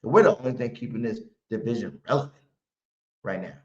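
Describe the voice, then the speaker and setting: Running a live pregame stream for fans, this sports host speaks in a mid-range voice at a fairly quick clip. His talk is brash, slangy trash delivered with heavy emphasis, and the muffled, roomy audio sounds recorded at home.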